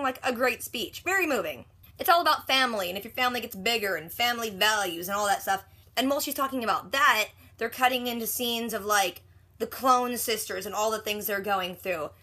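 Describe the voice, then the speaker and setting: A woman casually recapping a TV episode, chatty, acting out the characters' lines in quick quotes. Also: fairly high pitch, bright, forceful tone. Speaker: reaction video host.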